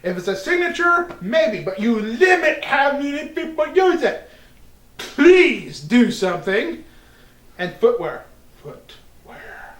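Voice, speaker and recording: Animated joking man, echoey room. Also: very high voice, slow pace. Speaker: podcast co-host. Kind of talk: casual wrestling review chat. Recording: echoey room, mic far off.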